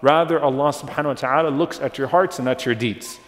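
A man's voice: medium pitch, quick pace. A man giving a religious lecture on early Islamic history, explaining patiently, repeating names and checking in with his listeners. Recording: long hall reverb.

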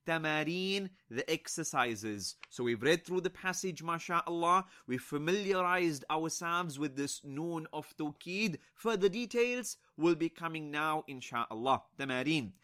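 Man slowly teaching Arabic grammar. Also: fairly high pitch, lively intonation, bright, forceful tone. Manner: slow and deliberate, repeats each example; mixes Arabic and Islamic phrases into English. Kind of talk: classroom lesson, explaining and translating examples.

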